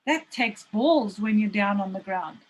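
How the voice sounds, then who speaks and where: A woman's voice: medium pitch, lively intonation, measured pace, poor audio. A woman in her forties coaching her team over a video call. She speaks in a heartfelt, emphatic way, with a faint hiss of background noise behind her. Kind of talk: emotional motivational talk. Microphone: video call mic.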